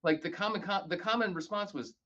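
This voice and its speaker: A man telling stories casually as a podcast guest, animated and acting out other people's lines. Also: high voice, brisk, muffled recording. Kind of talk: casual storytelling.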